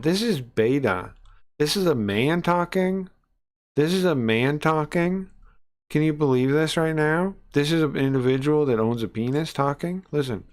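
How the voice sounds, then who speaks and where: A man's voice: mid-range voice, animated, moderate pace. Brash, swearing young man ranting. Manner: brash, profane, mocking, with many restarts and fillers. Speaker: streamer. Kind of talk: casual reaction commentary.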